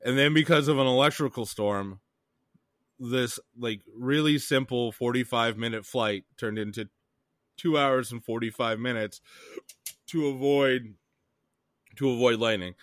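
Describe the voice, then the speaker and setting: A man's voice: medium pitch, unhurried, long pauses, a bit bright, no echo, clean studio sound. A man from Canada co-hosting a podcast, telling a travel story in a profane, ranting way. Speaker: podcast co-host. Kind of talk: casual chat.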